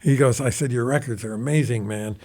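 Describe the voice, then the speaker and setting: A man in his seventies, a guest guitarist recounting stories in a recording studio, animated and rambling, with casual swearing. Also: mid-range voice, fairly quick. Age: 70s. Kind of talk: casual anecdotal storytelling.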